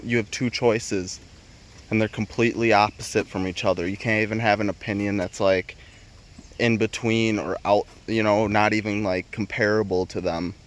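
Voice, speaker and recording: A man's voice: fairly low pitch, steady tone, moderate pace. A man vlogging an opinion rant, heated and rambling, swearing constantly and restarting his sentences.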